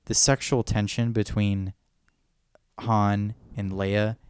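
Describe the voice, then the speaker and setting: A man's voice: fairly low pitch, flat delivery, slow, a little mellow, clean tone, dry recording. A man co-hosting a podcast, chatting casually and enthusiastically, rambling and acting out movie lines. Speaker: podcast co-host. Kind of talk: casual fan chat.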